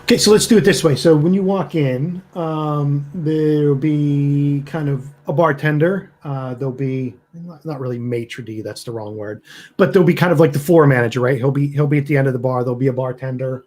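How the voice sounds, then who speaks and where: A man's voice: fairly high pitch, fairly quick, a little mellow. A man narrating as game master, casual and stopping often to search for words.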